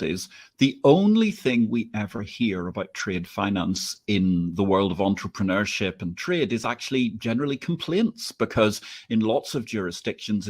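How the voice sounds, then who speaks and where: Lively, opinionated male interview host. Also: on the low side. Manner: opinionated, wry and wordy. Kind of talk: livestream interview.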